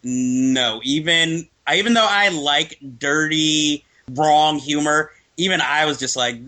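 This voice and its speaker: This man's voice is slightly high and sharp-toned, and he speaks slowly with barely any pauses. He's a guest film reviewer in a casual conversation about films, laughing a lot and offering strong opinions.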